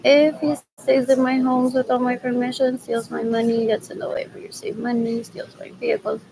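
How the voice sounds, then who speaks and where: A woman's voice: fairly high pitch, level tone, moderate pace, background noise. A middle-aged woman talking to herself in a rambling solo monologue, repeating phrases over and over and slipping Spanish phrases into her English. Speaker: vlogger.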